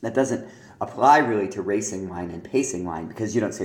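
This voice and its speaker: A man giving spoken feedback on rhyme exercises as a teacher, explaining patiently with fillers and frequent throat-clearing. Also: lowish voice, fast, darkish tone, reverberant.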